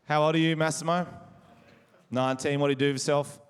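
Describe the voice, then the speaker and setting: A man's voice: fairly high pitch, flat delivery, fast, smooth. A man with an Australian accent doing crude, brash stand-up comedy and crowd work on a stage before a live audience. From Wollongong, Australia. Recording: live show with audience noise.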